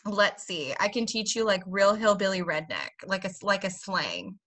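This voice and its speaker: A woman's voice: medium pitch, lively intonation, moderate pace, fairly bright tone. A young woman from the United States, chatting casually as a podcast co-host, bubbly and giggly and saying "like" a lot. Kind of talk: casual chat.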